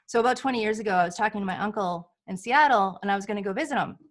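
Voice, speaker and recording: A woman's voice: mid-range voice, very fast. A woman guest on a talk show, a healer, telling personal stories in casual chat and acting out the voices she quotes. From United States. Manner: animated, acts out quoted voices.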